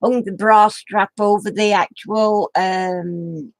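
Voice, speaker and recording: An older woman rambles through a funny memory to her viewers, giggling all the way. Her pace is slow and unhurried, her pitch sits in the middle, and the sound is dry and close with no room around it. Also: steady tone, no room sound. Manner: chatty, homely exclamations. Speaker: craft vlogger. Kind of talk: rambling anecdote to camera.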